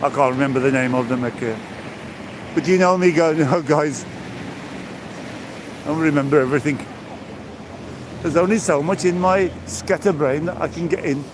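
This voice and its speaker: A man's slightly high voice comes at a moderate pace with long pauses, against background noise. He's an Englishman in his sixties live-streaming his walk along the seafront, chatting to viewers and welcoming them by name.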